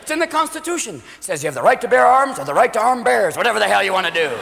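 A male stand-up comedian doing an animated, rapid-fire routine in a live venue, slipping in and out of voices. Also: high-pitched, gravelly, slight background noise. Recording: live club mic, echoing hall, crowd.

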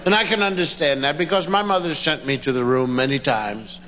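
A man's voice: on the high side, a little fast. Man telling family stories on stage. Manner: acts out family voices, squealing child impressions. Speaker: stand-up comedian. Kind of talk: stand-up storytelling. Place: stage before a laughing audience. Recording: dull live recording in a hall with ambient noise.

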